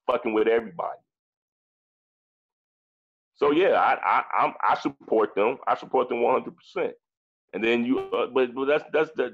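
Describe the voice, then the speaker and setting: A man's voice: mid-range voice, highs cut off. A man in his forties, a guest in a casual discussion, talking emphatically with frequent profanity and repeating phrases as he thinks aloud. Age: 40s.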